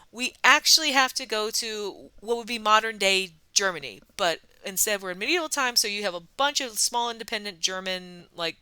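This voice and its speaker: Bright, crisp-voiced woman vlogger. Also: mid-range voice, dry recording. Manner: wry asides, many ums and uhs. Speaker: soda review vlogger. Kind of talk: casual history chat.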